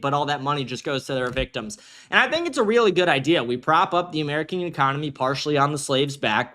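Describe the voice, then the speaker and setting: A man's voice: a little high, pushed and bright. A man hosting a livestream commentary show from a green-screen studio, ranting in a brash, profane way. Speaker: host.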